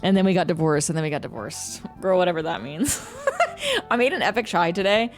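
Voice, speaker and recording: A woman's voice: lowish voice, big pitch swings, a little fast, faint music behind. A young American woman streaming from home into a desk microphone, chatting casually with viewers, joking, teasing and swearing freely.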